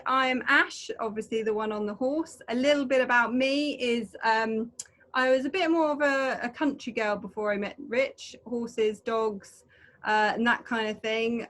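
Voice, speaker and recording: A woman's voice: on the high side, a bit bright. A woman co-hosting an online adventure talk over a video call, chatty and rambling, with frequent fillers.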